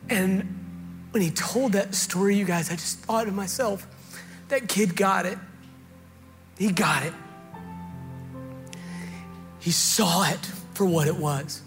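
A man's voice: sits high, slow pace, pauses often, a bit bright, in a large hall, soft background music. A man pastor preaching a sermon, telling a story with humor and building to earnest appeals.

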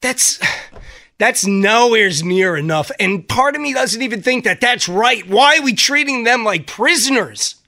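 A man's voice: very high voice, lively intonation, measured pace, bright, forceful tone, dry recording. Distraught man radio host, dry studio sound. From United States. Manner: raw, upset, heartfelt. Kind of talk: emotional on-air talk. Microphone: studio microphone.

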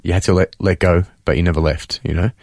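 Earnest deep-voiced man. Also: steady tone, creaky, darkish tone, dry recording. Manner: earnest, halting, many fillers. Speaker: interview guest. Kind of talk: emotional faith testimony.

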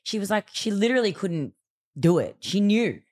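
A woman's voice: medium pitch, big pitch swings, moderate pace, a little mellow. A woman co-hosting a chat podcast, pressing her guest with questions. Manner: probing, questioning. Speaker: podcast co-host. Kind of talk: casual chat.

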